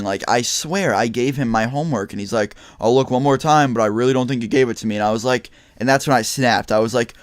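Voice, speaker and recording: A young man telling a storytime vlog in a casual, animated way, swearing and acting out the people in his story with loud outbursts. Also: mid-range voice, fast talker, dry recording. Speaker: storytelling vlogger.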